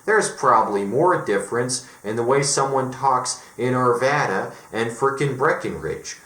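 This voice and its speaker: A man's voice: medium pitch, a bit bright, reverberant. A man from Colorado delivering an emphatic, profane, exasperated monologue as a vlogger. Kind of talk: ranting monologue.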